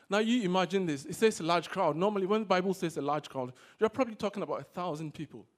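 A man preaching a sermon to a congregation, swinging between loud exhortation and quiet asides. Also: sits high, quick pace, few pauses. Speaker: pastor. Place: church service.

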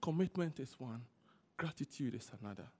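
A man preaching a sermon, repeating key words for emphasis and telling stories in an animated way. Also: mid-range voice, fairly quick. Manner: animated storytelling.

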